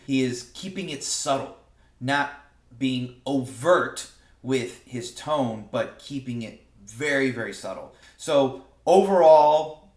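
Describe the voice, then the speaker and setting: Easygoing man teaching sax in echoey room. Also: medium pitch. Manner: relaxed, explains with sung examples, repeats words. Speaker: saxophone teacher. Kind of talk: casual music lesson. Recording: roomy echo.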